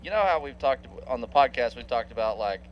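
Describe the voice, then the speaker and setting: A man's voice: mid-range voice, animated, fairly quick, lo-fi sound, slight background noise. Laid-back drawling race co-commentator man. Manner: laid-back, joking asides. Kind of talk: casual booth banter.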